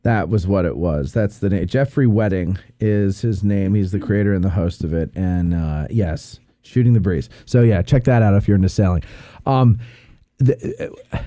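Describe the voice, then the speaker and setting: A man hosting a podcast in casual chat, telling stories in an animated, rambling way with an American accent. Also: low voice, normal speed, no echo. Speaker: podcast host.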